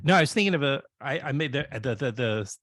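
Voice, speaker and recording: Male interview host, halting and rambling, dead-dry recording. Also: medium pitch, animated, fairly bright tone, dry recording. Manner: rambling, halting questions with many restarts. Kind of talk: casual interview chat.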